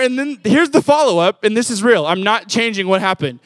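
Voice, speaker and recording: A young man with a high, light voice delivers a sermon in a chatty, storytelling way, full of fillers, getting louder and higher when the story gets exciting. The sound is dry and close, with no room echo. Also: brisk, hardly any pauses. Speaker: preacher.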